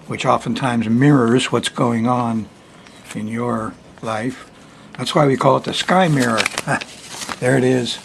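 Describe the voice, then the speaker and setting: Chatting folksily through his weekly astrology forecast, an older astrologer laughs frequently between points in this casual spoken sky report. His voice is medium-pitched and creaky, with slight background noise.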